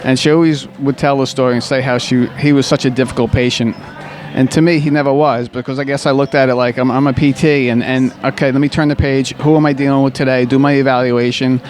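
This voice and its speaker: A man with a medium-pitched, everyday voice talks through stories from his work as a physical therapist. He keeps stumbling over his first words and doubling back, and fills the gaps with easygoing fillers. It is relaxed interview talk recorded outdoors. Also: fast, few pauses. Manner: rambling, warm storytelling with frequent restarts and fillers. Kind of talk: conversational interview.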